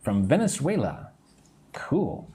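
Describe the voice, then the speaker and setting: A man teaching English on a live stream, modelling phrases slowly and greeting viewers between sentences. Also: medium pitch, very animated, dark tone, a little hiss or hum. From United States. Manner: slow, deliberate modelling of phrases, chatting with viewers.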